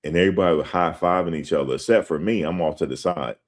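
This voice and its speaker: A man hosting his show, telling a story in a casual, animated way and speaking straight to his listeners. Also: low voice, fast. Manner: animated, conversational, addresses listeners directly as "guys". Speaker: show host. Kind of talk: casual spoken storytelling and commentary.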